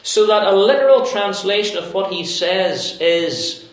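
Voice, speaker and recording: Slow, high-voiced preacher in an echoey room. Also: male voice, expressive. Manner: slow, deliberate expository preaching with emphatic pauses. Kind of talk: sermon.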